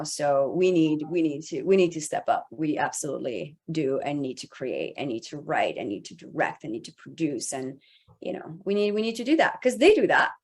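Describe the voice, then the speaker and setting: A woman's voice: low voice, darkish tone, breathy edge. A woman voice actor speaking on a panel, passionate and rambling, with many restarts. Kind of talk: panel discussion.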